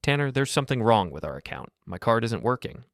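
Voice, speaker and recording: A man's voice: lowish voice, brisk, no room sound, studio quality, lightly acted. A man doing a panicked, demanding wife.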